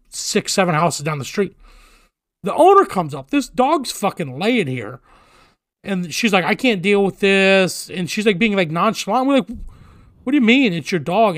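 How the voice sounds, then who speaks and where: A man with a high voice tells a story in a casual, heavily profane way, voicing everyone in it with animated energy. The sound is dry and close to the mic, with no room around it. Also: no room sound.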